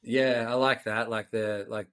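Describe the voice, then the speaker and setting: A man's voice: mid-range voice, steady tone, measured pace, a bit bright. A man with an Australian accent, a podcast host chatting in a friendly, matey way with lots of fillers. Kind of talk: casual chat.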